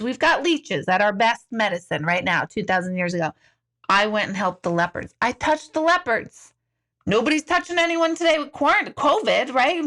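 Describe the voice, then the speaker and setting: A woman hosts a relaxed live stream, answering viewer comments as an intuitive. Her voice sits a little high, and she talks in an animated, loose way, dropping casual swear words and laughing often as she goes.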